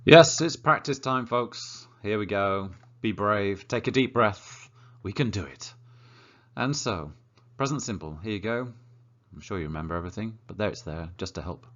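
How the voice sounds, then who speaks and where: Lively low-voiced English teacher. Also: male voice, highs cut off. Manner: lively and encouraging, slow and deliberate when modelling example sentences. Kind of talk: grammar lesson.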